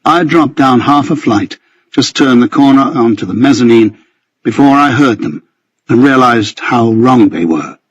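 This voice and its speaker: A man with a husky voice narrating a first-person novel in a measured storytelling manner. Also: mid-range voice, expressive, dry recording, muffled recording. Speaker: audiobook narrator.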